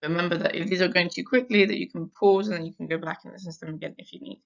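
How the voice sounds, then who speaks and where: A woman French teacher giving a recorded lesson, reading sentences slowly and twice for dictation and explaining silent letters. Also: lowish voice, steady tone, vocal fry, dull audio. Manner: slow, carefully spaced dictation in French.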